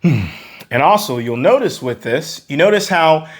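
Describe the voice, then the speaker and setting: A man teaching a vocal warmup lesson, explaining the exercises step by step with analogies. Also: on the high side, lively intonation, moderate pace. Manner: coaching, explanatory, uses gym analogies. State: out of breath. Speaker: vocal coach.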